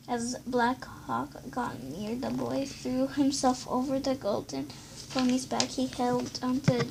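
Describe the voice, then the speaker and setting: A woman reading a children's book aloud, stumbling and restarting now and then, in a creaky voice over steady background noise. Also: sits high. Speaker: reader.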